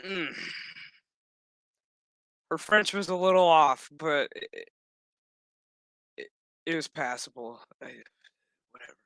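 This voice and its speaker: A man's voice: fairly high pitch, expressive, takes it slowly, long pauses, a bit bright, clear, resonant tone, dry recording. A man giving a casual, profane episode recap with blunt opinions and exasperated, sarcastic asides. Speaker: show recap YouTuber.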